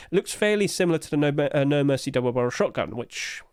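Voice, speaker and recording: A man's voice: fairly high pitch, lively intonation, fairly quick, clear, resonant tone, no echo, studio quality. A man hosting casual commentary, chatty and hedging, with apologetic asides, recorded at home on a desk mic. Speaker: host.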